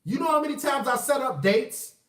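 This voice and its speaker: A man's voice: extremely high pitch, expressive, fairly quick, a bit bright. A man ranting in a profane, emphatic, combative livestream monologue. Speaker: vlogger. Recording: echoey room, far from mic.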